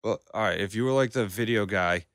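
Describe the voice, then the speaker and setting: A man's voice: lowish voice, fairly quick, fairly bright tone, no room sound, clean studio sound. A young man in casual chat, laid-back and rambling, swearing often.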